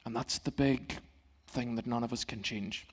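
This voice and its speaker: Male pastor, middle-aged, church sermon, calm, gentle, conversational, medium pitch. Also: moderate pace, breathy edge.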